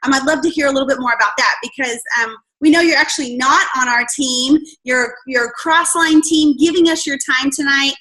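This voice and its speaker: A woman's voice: high voice, brisk, few pauses, bright, forceful tone, poor audio. A woman hosting a video call, introducing a guest in a gushing, effusive way. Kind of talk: enthusiastic live-call introduction.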